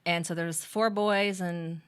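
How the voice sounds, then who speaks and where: A woman's voice: on the low side, measured pace, clean tone. A middle-aged woman, a band member's mother, chatting as an interview guest and quoting her own words as she recounts events. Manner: chatty, animated, quotes herself. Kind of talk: casual storytelling.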